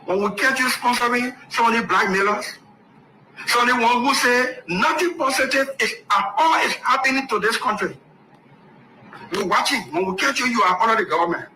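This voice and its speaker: Emphatic high-voiced man, echoey. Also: moderate pace. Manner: emphatic, repeats warnings. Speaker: government official. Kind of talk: public statement. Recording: echoey room with loud background noise.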